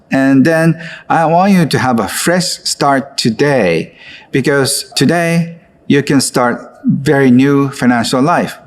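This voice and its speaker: A man who leads a guided exercise in an online course, speaking gently and coaxingly with frequent filler words. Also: mid-range voice. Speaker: course instructor.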